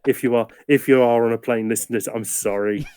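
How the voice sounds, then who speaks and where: A man guesting on a casual podcast, self-deprecating and quick with jokes, often restarting his sentences. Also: medium pitch, steady tone, mellow, clear, resonant tone, dry recording. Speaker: guest co-host, music journalist.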